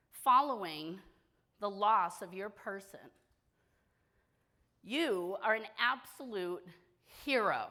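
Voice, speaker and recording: A woman's voice: mid-range voice, pushed and bright. A woman from small-town Massachusetts giving a keynote talk on stage, telling a personal story candidly with wry, self-deprecating humor. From small-town Massachusetts, USA. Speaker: keynote speaker at a widowhood conference. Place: conference stage before an audience.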